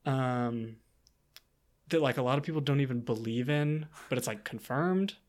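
A man in casual podcast conversation about a book, voice sitting at an ordinary middle pitch. He rambles, restarts his sentences and trails into fillers, bursting into sudden animated stretches as he works out his point. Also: normal speed. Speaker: podcast co-host.

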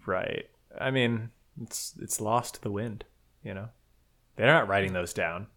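A man's voice: fairly low pitch, sharp tone. A young man co-hosting a podcast, bantering playfully about a book. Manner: playful, quick to mimic characters. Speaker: podcast co-host. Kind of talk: casual book discussion chat.

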